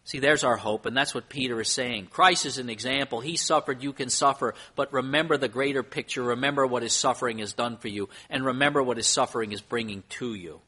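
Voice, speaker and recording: A man's voice: medium pitch, a little fast, few pauses, sharp tone, husky. A man preaching a sermon as pastor, earnest, with emphasis that rises and falls. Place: church.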